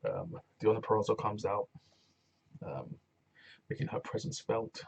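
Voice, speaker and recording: A man's voice: on the low side, measured pace, muffled recording, slight background noise. A man giving a casual, rambling review of a wrestling show, retelling segments with loose commentary. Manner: rambling, animated retelling with acted quotes and laughs.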